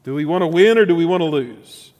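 A man's voice: on the high side, expressive, fast, a little mellow, long reverb tail. A man from the United States preaching a sermon, conversational and joking, teasing his congregation. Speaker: pastor.

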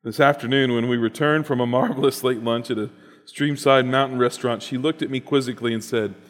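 An earnest man reads a personal story aloud in a reflective, unhurried manner. His voice sits at an ordinary middle pitch. A long reverb lingers after his words. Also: steady tone. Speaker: host reading a written story aloud.

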